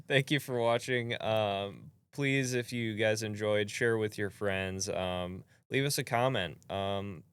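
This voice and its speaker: A laid-back man hosting a casual podcast, his voice on the low side and smooth. He laughs easily and keeps the chat loose. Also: slow, fairly bright tone. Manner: laid-back, laughs often, wraps up the show. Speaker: podcast host.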